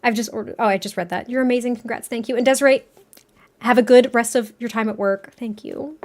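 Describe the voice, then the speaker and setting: Woman, young adult, from New England, excitable, chatty livestream host, a bit high-pitched. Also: fast. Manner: chatty, excitable, reads chat aloud, swears casually. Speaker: streamer and author. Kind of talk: casual livestream chat.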